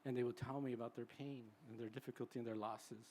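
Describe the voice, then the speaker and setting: A psychologist in his sixties speaks at a live event in a conversational way, mid-pitched and relaxed. He keeps checking in with the room by asking "right?". Faint venue ambience sits behind his voice. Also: fast, a little hiss or hum. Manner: chatty, tags sentences with "right?". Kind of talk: conversational public talk.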